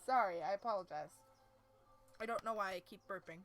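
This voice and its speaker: A woman's voice: medium pitch, fairly quick, fairly bright tone, soft background music. A woman reading a webcomic aloud on a live stream, with casual, self-deprecating asides and stumbling over words.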